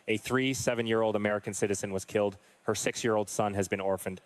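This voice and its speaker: A male political commentator runs through the news online in a somewhat low voice, reacting bluntly and with exasperation. He speaks quickly with fairly even intonation and hardly pauses.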